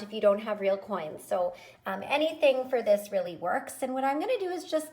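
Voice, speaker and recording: A woman music teacher giving an online lesson to young children, cheerful and encouraging, speaking slowly and clearly. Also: a little high.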